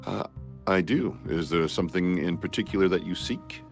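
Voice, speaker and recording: Low male voice, formal role-play player, courtly phrasing. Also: moderate pace, soft background music. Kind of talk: in-character tabletop role-play.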